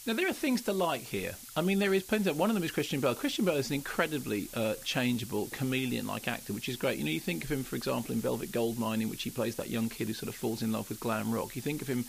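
A man reviewing films on the radio, animated and jokey, acting out quotes. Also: mid-range voice, fast talker, gravelly, few pauses, slight background noise, rough recording. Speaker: film critic. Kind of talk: radio film review chat.

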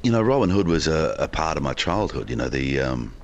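A man being interviewed on radio from a hotel, telling long relaxed stories about his film work. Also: a bass voice, brisk, lo-fi sound, a little hiss or hum. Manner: relaxed, expansive storyteller. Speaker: film actor guest. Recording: down the line from a hotel.

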